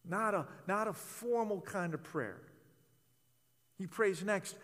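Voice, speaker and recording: High-voiced preacher in a reverberant hall. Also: male voice, lively intonation, slow pace, gravelly, pauses often, fairly bright tone. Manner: impassioned, conversational preaching with repeated words. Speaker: pastor. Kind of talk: sermon.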